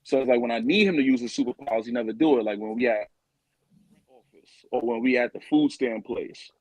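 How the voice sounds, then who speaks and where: A man's voice: mid-range voice, brisk, darkish tone, no room sound, rough recording. A man in his twenties, a guest comedian, telling stories in a laid-back way and acting out quoted lines in casual podcast chat.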